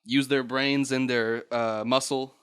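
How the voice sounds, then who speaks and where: A man's voice: medium pitch, flat delivery, slow pace, a bit bright, clear, resonant tone. A man hosting a podcast, telling a story casually, rambling and laughing, swearing and acting out voices. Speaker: podcast host.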